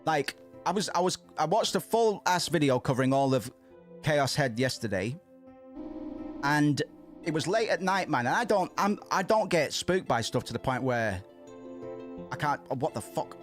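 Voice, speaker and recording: A man's voice: fairly high pitch, animated, moderate pace, soft background music. A man streaming a game, chatting in casual let's-play commentary, rambling with frequent restarts and casual swearing. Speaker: gaming streamer.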